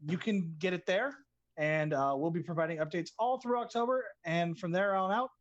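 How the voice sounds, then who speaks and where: A man's voice: high-pitched, normal speed, muffled recording. A man who designs tabletop games, explaining his rules and plugging updates in a rambling, casual way. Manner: rambling, many ums and restarts. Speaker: game designer and guest game master. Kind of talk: casual chat, promoting a game.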